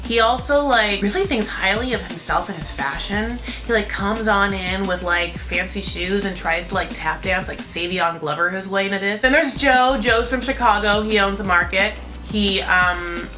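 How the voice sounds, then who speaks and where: A woman's voice: medium pitch, low-quality recording. A woman hosting a casual reality-TV recap, chatty and profane, packed with "like". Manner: chatty, profane, constant filler "like". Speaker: host.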